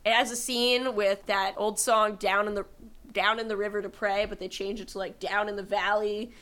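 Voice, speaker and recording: A woman's voice: medium pitch, normal speed. A young adult woman co-hosting a podcast, gushing in casual chat about a movie she loved as a child and breaking into bits of song. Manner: gushing, animated, bursts into sung snippets. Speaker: podcast co-host.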